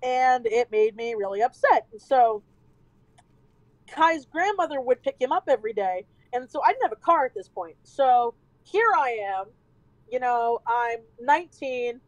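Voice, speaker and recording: A woman streamer telling a story in casual chat, animated and swearing freely. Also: on the high side, unhurried, dry recording, dull audio.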